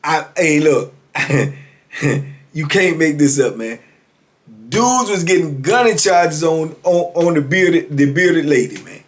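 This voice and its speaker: A man's voice: on the high side, takes it slowly. Older-sounding guy telling wild prison stories, laughing a lot, big swings up and down in his voice, keeps saying man. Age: 50s. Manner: animated, laughs often, says "man" constantly. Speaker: former prisoner storyteller. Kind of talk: casual storytelling monologue.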